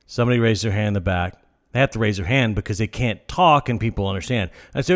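A man's voice: fairly low pitch, fast talker. A man delivering a sarcastic, exasperated comedic rant. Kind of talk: ranting comedic monologue.

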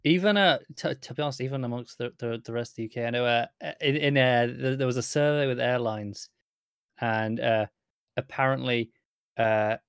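A man in relaxed podcast conversation who keeps agreeing with his co-host. His pitch sits in an ordinary middle range. The recording is dry and close. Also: normal speed, smooth, dry recording. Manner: agreeable, frequent "yeah" backchannels. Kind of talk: casual chat.

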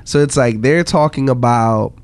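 A man's voice: mid-range voice, moderate pace, smooth. A man hosting a casual podcast chat, sounding stuffy from a cold, laid-back and swearing freely. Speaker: podcast host.

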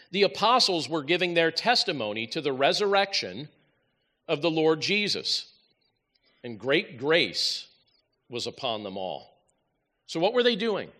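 A pastor preaching a sermon, telling a story with lively asides and dry humor. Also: male voice, fairly high pitch.

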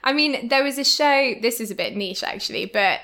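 A woman's voice: fairly high pitch, lively intonation, brisk, pushed and bright. A woman guest in a casual podcast chat who laughs often.

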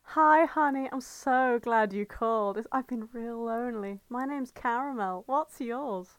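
A woman's voice: on the high side, a little slow, no room sound, lightly acted. A woman doing a purring phone-line call girl. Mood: coaxing. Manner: coaxing, pet names.

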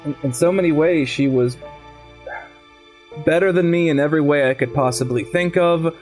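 A man playing a tabletop game, speaking in character in a halting way with many ums and restarts. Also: a little high, darkish tone, soft background music. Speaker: player. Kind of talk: in-character role-play.

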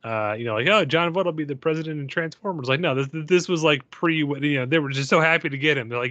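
A man hosting a podcast with friends, animated and jokey, often restarting sentences. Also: a little high, quick pace, hardly any pauses, no room sound. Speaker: podcast host. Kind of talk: casual chat. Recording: dull lo-fi sound.

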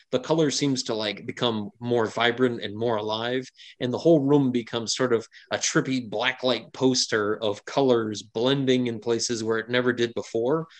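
A man running a tabletop fantasy game as game master, describing scenes at length with frequent fillers and restarts. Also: medium pitch. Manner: descriptive, rambling with many fillers.

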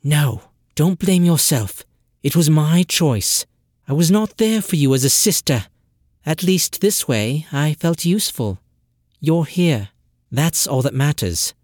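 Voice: medium pitch, animated, slow, darkish tone, no echo, clean studio sound. A narrator voicing a weakened young woman, an older sister who talks in a strained, urgent voice. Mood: earnest.

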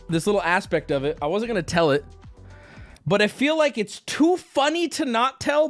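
High-pitched guy streaming, tells stories all over the place, swears a lot, bit of music underneath. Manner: animated, swearing, rambling with restarts. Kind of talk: casual livestream storytelling.

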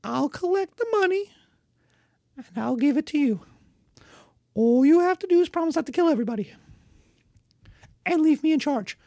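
A woman voicing a sly, eager rich small-town man, high and wheedling as she acts him out in a lesson. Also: animated, normal speed, pauses often, mellow, dry recording, studio quality. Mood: scheming. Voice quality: high, wheedling, sing-song.

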